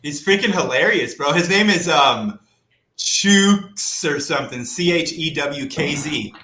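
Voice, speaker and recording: A man's voice: fairly high pitch, lively intonation, measured pace, bright, forceful tone, echoey room. A Canadian man co-hosting a podcast, chatting casually with swearing, joking banter. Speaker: podcast co-host. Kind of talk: casual chat.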